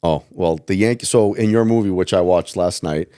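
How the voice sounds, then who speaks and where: Low-voiced rambling man, casual co-host. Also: a little fast, mellow. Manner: rambling, heavy filler words. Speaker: podcast co-host. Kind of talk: casual chat.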